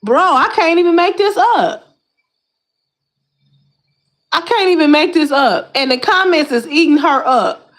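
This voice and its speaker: A woman hosts her own commentary, talking in a high voice full of slang. She is animated and exclamatory, circling back on the same words again and again as she talks straight to her viewers. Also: a little slow, pauses often. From Detroit. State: slightly winded while lifting weights. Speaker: YouTube commentary host. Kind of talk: casual commentary chat.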